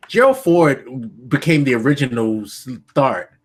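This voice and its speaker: A male podcast co-host talking politics casually, earnest in tone but often stalling on ums mid-thought. His voice sits at a middle pitch for a man. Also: lively intonation, slow, breathy edge. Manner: earnest, hesitant with frequent ums.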